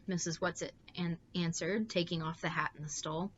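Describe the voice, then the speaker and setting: A woman reading a bedtime story aloud in a steady, expressive way. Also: on the low side, brisk, few pauses, dull audio, slight background noise.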